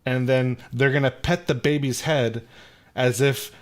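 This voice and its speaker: A man co-hosting a casual podcast, rambling with frequent restarts and quick asides. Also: mid-range voice, fairly even intonation. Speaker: podcast co-host.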